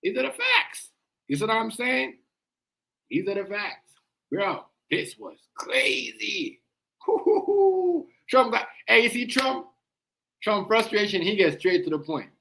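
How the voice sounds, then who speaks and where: A man with a Jamaican accent riffs through a casual reaction stream. His voice sits high for a man and has a bright, forceful edge. He talks in slang, leans hard on his points and keeps checking in with "you know what I mean". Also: big pitch swings, a little slow, creaky. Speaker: livestream reaction host.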